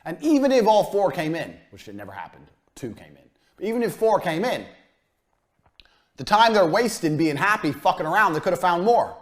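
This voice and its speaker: A man giving a blunt, profane business lesson as a coach, mocking and forceful in his delivery. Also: sits high, sing-song, brisk.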